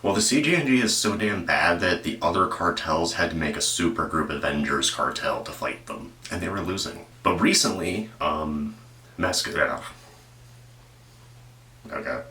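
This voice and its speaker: A man with a very deep voice and a bright, forceful edge rambles through casual commentary, cursing and cutting himself off mid-thought. He sits back from the mic in an echoey room. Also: expressive, moderate pace, distant mic. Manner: meandering, profane, self-interrupting. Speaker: true-crime commentary host.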